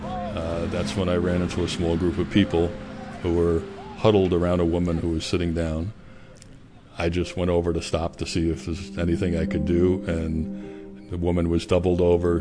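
Very deep-voiced man recalling events. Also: completely flat delivery, music in the background. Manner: measured, reflective storytelling. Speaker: interviewee. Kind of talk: recounting personal experience in an interview.

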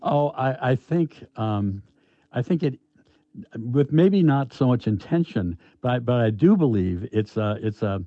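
An older man, an author, answering interview questions in a halting, thoughtful way with many restarts. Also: medium pitch, lively intonation, dry recording. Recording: dull, lo-fi, dry sound.

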